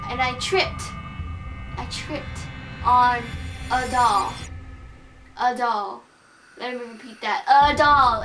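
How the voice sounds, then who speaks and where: A woman with a high voice tells a spooky personal story for a class assignment. She is dramatic and animated, acting out what was said. She sounds a little distant from the mic, with music playing behind her. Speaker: student storyteller.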